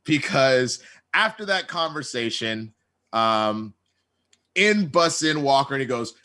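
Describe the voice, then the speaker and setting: A man on a podcast, recapping an episode in an animated way and acting out characters' lines. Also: medium pitch, slow pace. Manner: acts out quoted lines in lively voices. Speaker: podcast co-host.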